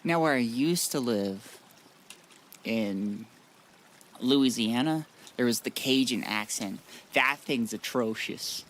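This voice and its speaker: A man's voice: medium pitch, slow, a bit bright, slight background noise. A man streaming a modded game, chatting casually in a rambling, blunt way with frequent restarts. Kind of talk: casual live-stream chat.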